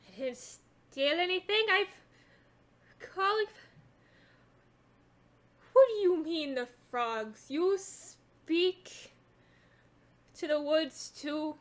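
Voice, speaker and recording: A woman's voice: sits high, expressive, drawn-out words, long pauses, voice pushed up, full character voice. A woman voicing a crazed, gaunt old hermit woman dressed in moss, speaking defensively.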